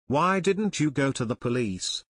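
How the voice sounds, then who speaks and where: A man's voice: mid-range voice, expressive, measured pace, no echo, clean studio sound. A man reading a plucky teenage boy detective who asks direct questions, in an audiobook. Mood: earnest.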